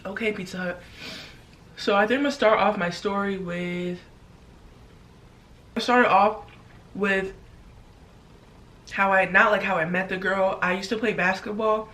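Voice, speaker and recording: A woman's voice: medium pitch, steady tone, measured pace, long pauses, fairly bright tone, distant mic. Blunt, chatty young woman vlogger. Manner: chatty, blunt, swears freely. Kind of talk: casual story time while eating. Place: her bedroom.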